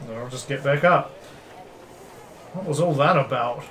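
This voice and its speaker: A man playing in a tabletop role-playing game, chatting casually and thinking out loud. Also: mid-range voice, normal speed, slight background noise. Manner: chatty, wondering aloud. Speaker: player.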